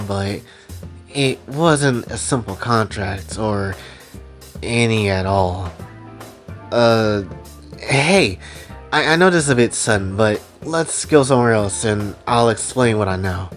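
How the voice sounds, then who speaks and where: A man playing a flustered, lovestruck young man who stammers and gets excitable. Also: mid-range voice.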